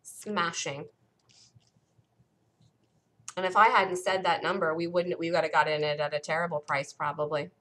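A woman hosting a live day-trading room, calling out entries and stops in an urgent, rapid-fire way, her voice worn and close to giving out. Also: deep voice, steady tone, fairly bright tone. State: losing her voice. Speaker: day-trading show host.

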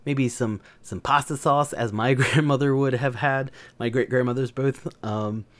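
Casual male channel host from the South, crude, joking, mid-pitched voice. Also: fairly even intonation, unhurried. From American South. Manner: crude, joking, rambling with fillers. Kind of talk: casual storytelling.

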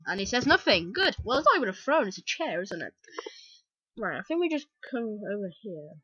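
A British woman chatting excitedly and rambling through gameplay commentary as the host of a let's play. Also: mid-range voice, fairly quick, husky, no echo, highs cut off. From Britain.

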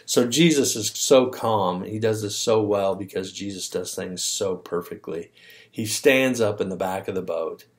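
Man, low-ish voice, children's ministry teacher, animated casual storytelling with fillers. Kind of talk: Bible lesson for young children.

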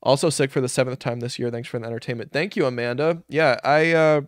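A man's voice: mid-range voice, steady tone, fast talker, no echo, clean studio sound. A man live-streaming, reacting to a video with sarcastic, profane commentary, laughing often and reading chat aloud.

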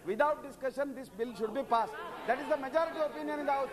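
A man with an Indian English accent presses the chair in parliament, repeating his demand over and over. He talks fast at a very high pitch. Members chatter around him. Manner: insistent, repeats the same demand.

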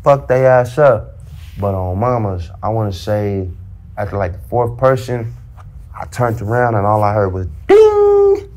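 A man with a fairly low voice tells his story in loose, slang-heavy talk. He acts out the back-and-forth himself, with lively energy. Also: a little slow. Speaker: storyteller recounting prison life. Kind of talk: casual storytelling in a played interview clip.

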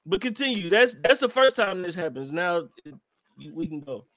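A man co-hosting a podcast in casual chat, recapping a documentary with swearing and loud acted-out quotes. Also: sits high, moderate pace, dry recording. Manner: animated, swears, acts out quotes loudly. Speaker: podcast co-host.

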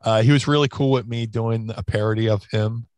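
A man's voice: lowish voice, fairly even intonation, fairly quick, a little mellow, no echo. A man in a casual interview, telling stories in a rambling way with many restarts and fillers. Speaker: interview guest, former wrestler. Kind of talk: casual storytelling.

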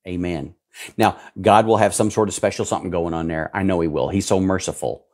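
Man, very low voice, fiery sermon, mutters then loud cries. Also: fairly even intonation, fairly quick. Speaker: pastor. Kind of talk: sermon with viewer questions.

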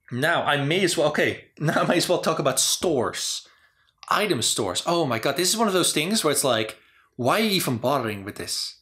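A man's voice: on the high side, fairly bright tone. A man hosting a casual talk about game design, rambling with lots of "you know" and "like". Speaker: channel host.

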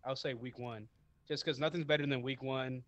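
A man's voice: medium pitch, fairly even intonation, moderate pace, a bit bright, no room sound. A man co-hosting a casual sports podcast, talking in a laid-back, hesitant way with lots of fillers. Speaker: podcast co-host.

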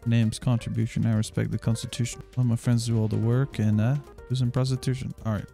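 Young male streamer, mid-pitched, crude and profane banter with chat, jumps into excited yelps over loot, casual gameplay commentary. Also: quick pace, creaky, faint music behind. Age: 20s. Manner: crude, joking and profane, with sudden excited outbursts. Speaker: livestreamer.

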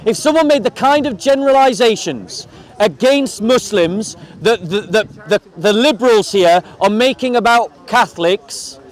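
A man arguing forcefully in an outdoor street debate, repeating himself to hold the floor. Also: high voice, animated, normal speed. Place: outdoor public speaking spot.

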